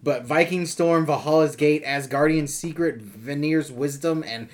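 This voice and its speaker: A man hosts a laid-back podcast chat with friends. His voice sits a bit high, and he rambles through stories, acting out the parts as he goes. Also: measured pace. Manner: rambling, acts out movie scenes in voices. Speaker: podcast host.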